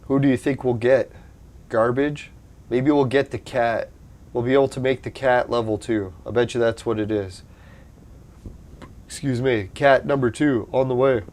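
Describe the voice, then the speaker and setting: A man giving casual commentary over his mobile game, a little hoarse as he is losing his voice, reacting with excited outbursts and cursing. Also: medium pitch, normal speed. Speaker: gameplay commentator.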